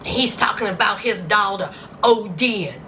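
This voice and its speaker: A woman's voice: mid-range voice, measured pace, bright, forceful tone, slight background noise, low-quality recording. A woman giving casual, sarcastic commentary on a reality show, acting out scenes in put-on voices.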